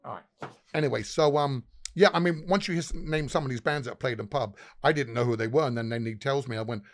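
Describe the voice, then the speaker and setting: A man spins long, rambling anecdotes as a guest on a casual podcast. His pitch sits in the ordinary middle range. He swears freely and often stumbles and restarts his sentences. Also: quick pace. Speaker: pub owner guest.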